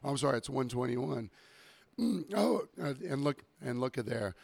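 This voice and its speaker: A man co-hosting a podcast in casual chat, his voice hoarse and worn, rambling with many fillers and restarts. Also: mid-range voice, expressive, normal speed, a little mellow, no echo. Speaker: podcast co-host.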